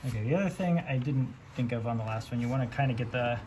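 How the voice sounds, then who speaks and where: A DIY host with a mid-range voice talks fast while building in a workshop, the recording full of background noise. The casual how-to chat mixes jokes with thinking out loud.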